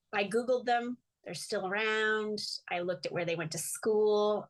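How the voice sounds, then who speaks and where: An American woman, a guest artist, telling stories in a casual interview, acting out quotes and laughing often. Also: medium pitch. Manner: animated storyteller, acts out quotes, laughs often.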